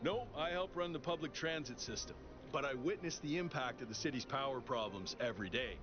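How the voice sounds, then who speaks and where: A man's voice: mid-range voice, brisk, natural voice. A man voicing an earnest young male android activist in a video game, with a laid-back, surfer-like way of talking as he gathers petition signatures. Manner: earnest, persuasive. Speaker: petition-gathering transit worker. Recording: dull audio under game music.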